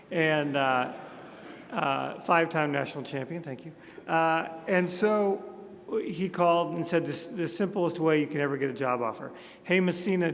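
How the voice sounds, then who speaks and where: A man's voice: on the high side, a little hiss or hum. Man telling jokes in an echoey hall. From Montana. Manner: self-deprecating storyteller, jokey asides. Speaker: speaker at a conference. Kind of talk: humorous keynote speech. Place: large conference hall. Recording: echoey hall with long reverb.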